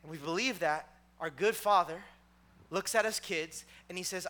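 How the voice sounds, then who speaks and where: A male pastor in his thirties preaches with a notably high, ringing voice. His delivery is chatty and anecdotal, full of casual filler words. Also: normal speed, sharp tone. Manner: conversational storytelling with many filler words. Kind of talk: sermon.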